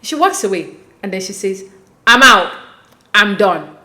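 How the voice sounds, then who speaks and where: A woman hosting a casual, animated recap, talking conversationally and acting out quotes as she goes. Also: mid-range voice, normal speed, reverberant. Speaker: podcast host recapping a reality show.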